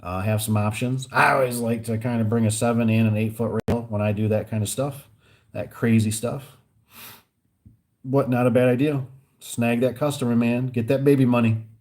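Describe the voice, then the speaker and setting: A man's voice: mid-range voice, fairly even intonation, normal speed, darkish tone. A man who installs garage doors, ranting casually in a vlog and acting out both sides of his phone calls. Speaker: garage door and gate installer.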